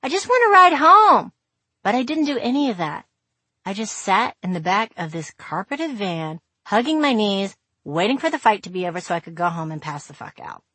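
A woman reads her own memoir aloud, frank and wry, salting the story with swearing. Her voice sits at a middle pitch, recorded close and bone-dry with no room sound. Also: sing-song, fairly quick, slightly rough, dry recording. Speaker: memoir narrator. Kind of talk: memoir audiobook narration.

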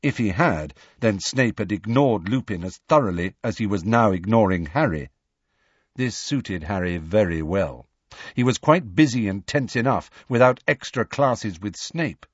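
A man narrating an audiobook in a measured, expressive storytelling manner. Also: lowish voice, breathy edge, no room sound, lo-fi sound. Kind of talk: scripted narration.

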